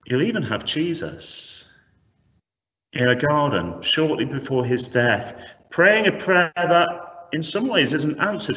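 A man preaching a sermon with animated, rhetorical emphasis, heard from a distance in a church. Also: fairly high pitch, takes it slowly. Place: church hall. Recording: echoey hall from a distance, slightly dull.

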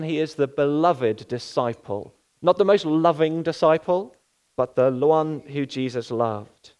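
A man's voice: fairly high pitch, darkish tone. A male pastor giving an earnest sermon, often asking rhetorical questions.

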